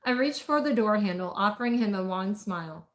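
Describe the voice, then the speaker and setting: A woman narrates a first-person romance in an intimate, measured voice. Her pitch sits in the middle range. She reads at a steady storytelling pace. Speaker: audiobook reader.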